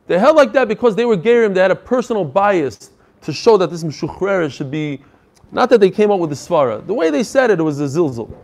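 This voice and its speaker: Male Talmud teacher with a fairly high voice, explaining text in an animated, emphatic way. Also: fast, vocal fry. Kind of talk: Talmud class lecture.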